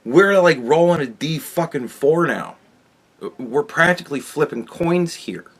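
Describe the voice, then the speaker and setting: A man's voice: fairly high pitch, animated, measured pace, breathy edge. Blunt, stammering man ranting. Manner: blunt, heavy swearing, frequent restarts and stammers. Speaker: podcast host. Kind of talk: casual commentary monologue.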